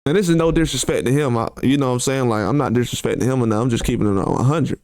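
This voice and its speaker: Male boxing commentary host, blunt and slangy, pitch leaping in disbelief; smooth tone, dry close recording. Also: rapid-fire, darkish tone, no echo. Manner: blunt and conversational, with slang and rhetorical questions. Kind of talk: casual reaction commentary, reading tweets aloud.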